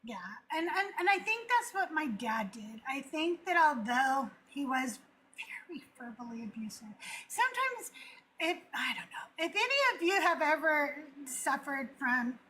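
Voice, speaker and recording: This is a woman hosting a live call-in show and inviting callers up to talk. Her voice is high and bright. She tells personal stories frankly and laughs along the way. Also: big pitch swings, measured pace, rough recording. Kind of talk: casual livestream chat.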